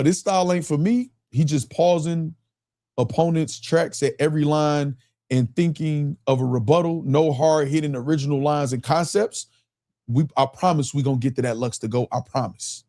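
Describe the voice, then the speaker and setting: A man from Michigan with a Michigan accent hosting a live stream, reading chat aloud and asking his questions again and again in animated casual commentary. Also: fairly high pitch, normal speed. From Michigan, US Midwest. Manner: animated, keeps repeating his questions, reads chat aloud, laughs often.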